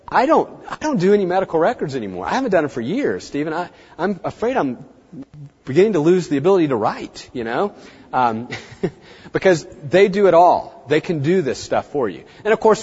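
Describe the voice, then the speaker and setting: A middle-aged man giving a seminar talk to an audience, chatty and animated, acting out the people he quotes. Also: a little high, slightly rough. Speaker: veterinary practice speaker. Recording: muffled, dull sound in a reverberant hall.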